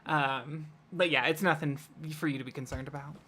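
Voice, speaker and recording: A woman running a tabletop game, narrating loosely with lots of "like" and "um." Her voice sits low for a woman but sounds very bright and crisp. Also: fairly even intonation, brisk. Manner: casual, with frequent fillers. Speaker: game master.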